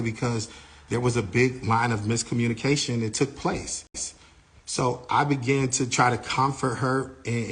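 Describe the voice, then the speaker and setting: A man, a tour manager, recounting an incident and acting out what each person said. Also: medium pitch. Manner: animated retelling, acting out others' lines.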